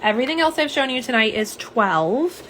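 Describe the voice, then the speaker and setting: A woman's voice: a little high, animated, moderate pace, a little hiss or hum. Chatty woman live-streaming swatches. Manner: chatty and warm, lots of fillers and asides. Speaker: nail polish swatcher. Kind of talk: live-stream chat, reading viewer comments. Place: home office.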